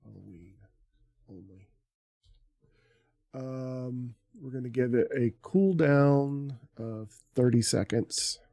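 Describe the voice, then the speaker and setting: A man streaming from home talks into a desk mic in a dark, mellow voice with a gravelly edge. He speaks slowly and mutters to himself, letting phrases trail off as he works through settings. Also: mid-range voice. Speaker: livestreamer. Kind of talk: casual live-stream chat. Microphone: desk mic on an arm.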